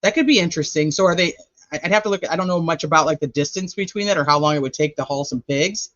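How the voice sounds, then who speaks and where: A man with a fairly high voice gives casual livestream commentary as a true crime host. He rambles and thinks aloud while he checks his notes. The sound is dry and a little dull. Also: fast talker, fairly bright tone, no echo.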